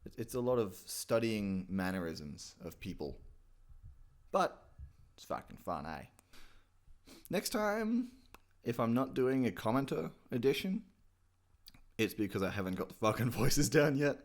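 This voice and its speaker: A man's voice: lowish voice, animated, normal speed. A man hosting a casual comedic impressions tutorial, rambling, self-mocking and swearing freely. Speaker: channel host teaching impressions.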